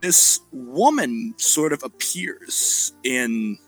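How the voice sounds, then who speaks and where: A man running a tabletop role-playing game, describing scenes in a slow, halting way. His voice is bright and forward, and faint music sits under it. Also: mid-range voice, sing-song, poor audio. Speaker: game master.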